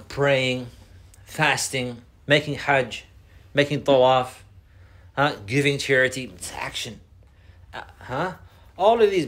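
A man's voice: mid-range voice, fairly bright tone. A man teaching a religious class, repeating his points, mixing in Arabic phrases and asking students questions. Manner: mixes Arabic phrases into English. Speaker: Islamic teacher. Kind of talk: classroom lesson.

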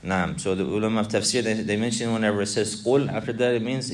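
Male religious teacher, deep voice, repeats himself, quizzes the class. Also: fast talker, few pauses. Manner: repetitive, asks students questions, mixes Arabic recitation. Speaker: Islamic teacher. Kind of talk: classroom lesson explaining a text.

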